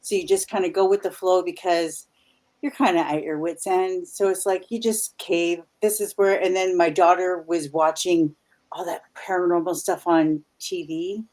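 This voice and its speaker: Her lowish voice is steady and a little mellow, at a normal speed. This Canadian paranormal investigator, in her fifties, is a guest in a casual chat, rambling through her stories with frequent restarts and asides.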